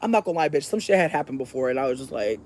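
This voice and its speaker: A young adult hosts a podcast and tells a long story in a casual, profane way. The voice sits at a middle pitch and swoops widely, dropping soft and then climbing to shouts. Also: very animated, rapid-fire.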